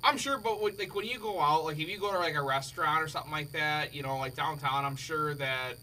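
A man with a very bright, raised voice jokes in crude, filler-heavy banter. He sounds set back from the mic, and faint room noise hangs behind him. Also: on the high side, a little fast, recorded from a distance, low-quality recording. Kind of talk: casual podcast chat.

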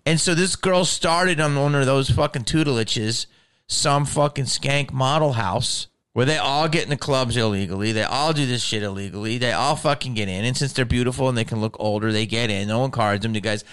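A man's voice: mid-range voice, normal speed, fairly bright tone, smooth. A man ranting in a casual, profane chat, often restarting his sentences as a podcast host.

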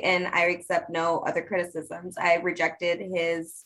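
A woman's voice: lowish voice, level tone, normal speed, fairly bright tone, rough recording. Woman, podcast co-host, playful, opinionated, casual chat.

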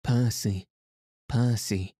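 A man's voice: on the low side, slow, warm tone, no room sound. A man voicing a frantic young aristocratic wife, pleading and breathless, in a storybook reading.

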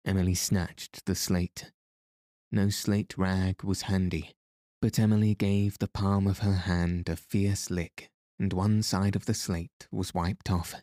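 A man reading a novel aloud as narrator, in a measured, expressive storytelling manner. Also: low voice, no room sound, clean studio sound. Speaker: audiobook narrator. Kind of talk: scripted narration.

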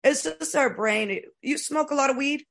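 Female podcast host, East Coast accent, bright and excitable, rambles. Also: sits high, normal speed, vocal fry. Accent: East Coast American. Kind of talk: casual podcast chat.

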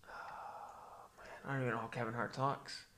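A man's voice: medium pitch, flat delivery, a little fast, bright, forceful tone, slight background noise. A young man in casual podcast chat, laid-back and joking, swearing often.

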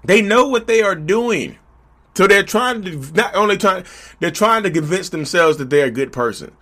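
A man speaking to camera in a fairly high voice that swings widely in pitch. He talks casually and preaches a little, addressing his viewers again and again. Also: animated, moderate pace, sharp tone. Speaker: vlogger.

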